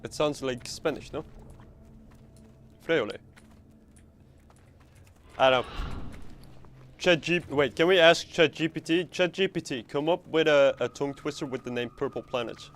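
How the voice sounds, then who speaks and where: A man's voice: on the high side, measured pace, long pauses, a bit bright. Guy streaming a game, rambly and joking around, swears a bit. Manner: rambling, playful, swears casually. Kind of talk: casual live game stream chat.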